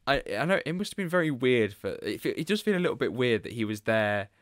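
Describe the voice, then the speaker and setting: A man's voice: medium pitch, big pitch swings, quick pace, dry recording, clean studio sound. A British man hosting a podcast in casual chat, laughing often and restarting his sentences. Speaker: podcast host.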